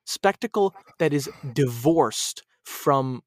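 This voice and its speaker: A fairly high-voiced man argues his point in a lively, swinging tone, laughing often as he goes. The sound is dry and close, with no room around it. He talks like a podcast guest in relaxed conversation. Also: slow, dry recording. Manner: animated, opinionated, laughs often. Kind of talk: casual chat.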